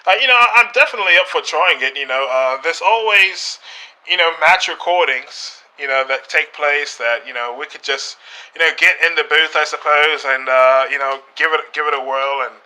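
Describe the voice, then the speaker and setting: Guest with a British accent: piercing, bright timbre, loose halting delivery. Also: male voice, on the high side, rough recording. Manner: halting, many filler phrases and restarts. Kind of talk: in-character podcast chat.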